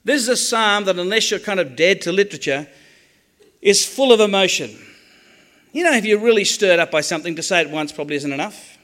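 A man preaching a sermon on the Psalms, animated, acting out quoted prayers with jokey asides. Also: sits high, brisk.

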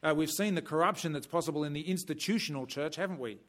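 A man delivers a sermon with a slightly raised pitch, stressing key phrases in a measured, emphatic way. Every so often he breaks off for a dry, humorous aside before returning to his point. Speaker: preacher.

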